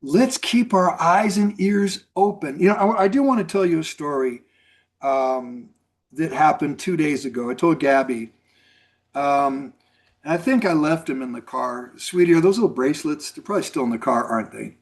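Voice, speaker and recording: A man's voice: on the high side, normal speed. A middle-aged man mentoring a network marketing group on a call, telling a rambling story with many restarts and "you know"s. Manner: rambling, repeats words, lots of "you know". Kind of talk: casual storytelling on a video call.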